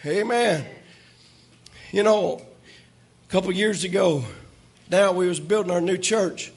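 A man preaching a sermon. His voice sits very high and sounds husky and grainy. He tells his story in a folksy, animated way and now and then breaks into shouts. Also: measured pace. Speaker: pastor.

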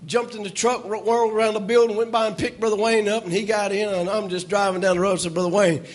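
A man preaching a sermon. His voice sits very high and sounds husky and grainy. He tells his story in a folksy, animated way and now and then breaks into shouts. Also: fast talker. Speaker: pastor.

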